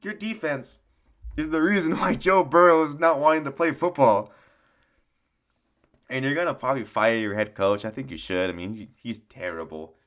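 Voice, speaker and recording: Speaking at normal speed in a mid-range, fairly bright voice, a male sports commentator rambles through a profane, mocking recap. The rant is casual, and he frequently laughs at his own jokes.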